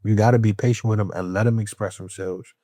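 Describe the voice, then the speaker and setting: A man with a lowish, mellow, warm voice, speaking as a podcast guest in a frank, streetwise way and constantly checking in with his listener. The sound is close and dry, with no room around it. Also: fast, dry recording. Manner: streetwise talk, keeps asking "you know what I'm saying"; animated and laughing when talking about friends. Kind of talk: candid conversation.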